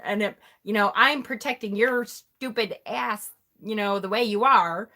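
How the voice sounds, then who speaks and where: Woman, middle-aged, bright clear voice, chatty, exasperated, laughs and sighs, live-stream host. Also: mid-range voice, normal speed. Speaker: tarot reader hosting a live stream. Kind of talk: casual live-stream chat.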